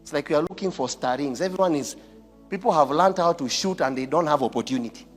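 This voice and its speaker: A man's voice: a little high, fast, big-room sound, soft background music. A man with a Kenyan accent, giving impassioned commentary in a preachy manner, firing rhetorical questions and slipping into Swahili phrases.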